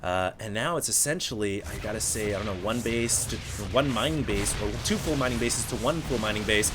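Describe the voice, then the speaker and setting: A man casting a video game replay on his own, energetic play-by-play with excited bursts at big plays and chatty asides to his viewers. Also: mid-range voice, brisk, few pauses, soft background music. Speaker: esports caster.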